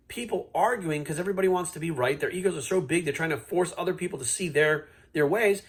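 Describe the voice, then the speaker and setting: A man in a fired-up, unscripted rant to camera, blunt and swearing freely. His voice sits a little high for a man and has a husky, grainy edge. He talks in a steady stream and keeps coming back to the same point. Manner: heated, profane, blunt. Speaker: fitness coach vlogging.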